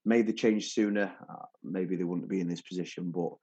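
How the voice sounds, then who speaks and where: A man in his thirties with a lowish voice, co-hosting a casual football podcast. He talks in a relaxed, rambling way full of fillers. The sound is dry and a little dull, as if from a basic podcast mic. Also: fairly quick, gravelly, no room sound. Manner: relaxed, chatty, lots of fillers. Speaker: podcast co-host.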